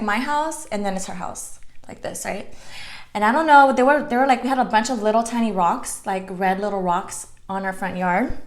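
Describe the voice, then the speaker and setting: A woman in her twenties chatting casually while eating, telling a story with many "like" fillers and sometimes dropping to a soft whisper. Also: mid-range voice. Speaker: mukbang vlogger.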